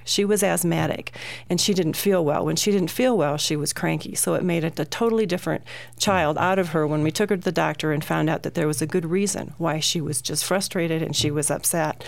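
A woman's voice: sits low, creaky, dry recording. A middle-aged woman, a guest parent, telling stories about her children on a talk show.

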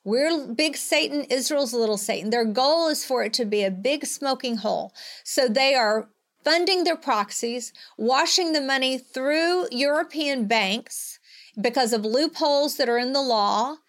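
A woman's voice: high-pitched, measured pace, a bit bright. Passionate middle-aged woman. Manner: earnest, emphatic, pleading. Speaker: guest, advocacy leader. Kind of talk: passionate political talk.

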